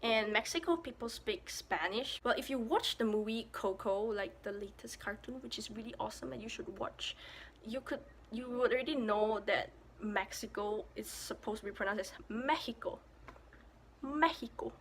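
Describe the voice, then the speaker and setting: A woman's voice: on the high side, normal speed, slight background noise. A young woman from Malaysia casually vlogging, playful and self-mocking, repeating words as she tries to pronounce them. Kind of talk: casual pronunciation vlog.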